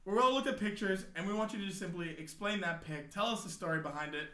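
A man hosting a podcast in casual chat, firing off quick, teasing questions. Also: sits high, bright, forceful tone, roomy sound. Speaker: podcast host.

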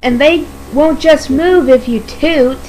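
Woman doing a calm, sensible little engine. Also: sits high, slow, slight background noise, pitched above the performer's own voice, rough recording. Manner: calm and patient. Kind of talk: storybook reading.

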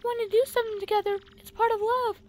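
A woman doing a gentle young princess with a very high, bright, sweet voice. She speaks dreamily in a video game dub. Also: little pitch movement, fast, a little hiss or hum. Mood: flustered.

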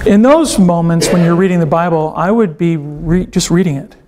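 A man's voice: fairly high pitch, normal speed, background noise. A man, a priest, giving an informal teaching talk in church, conversational, with frequent fillers and restarts.

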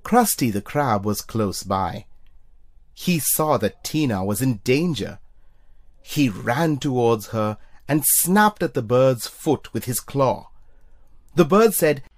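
A narrator reading a children's storybook aloud in an expressive way. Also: slow pace. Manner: expressive, puts on high squeaky voices for characters. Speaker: storybook reader for young children.

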